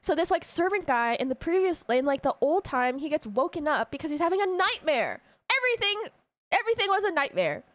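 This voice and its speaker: A woman with a high, bright voice retells a story to her stream audience in a casual, emotional way. She talks with lots of feeling and laughs often. The sound is dry and close. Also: very animated, brisk, no echo.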